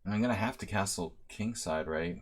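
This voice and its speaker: A man's voice: sits low, fairly quick. A man in his late thirties giving rambling, self-deprecating live-stream commentary while playing many chess games at once. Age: 30s. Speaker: chess master giving a simul.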